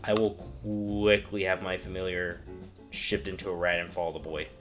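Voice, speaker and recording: A man's voice: low voice, steady tone, normal speed, a bit bright, soft background music. A man playing a tabletop game, describing his moves and asking questions in a matter-of-fact way. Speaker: player.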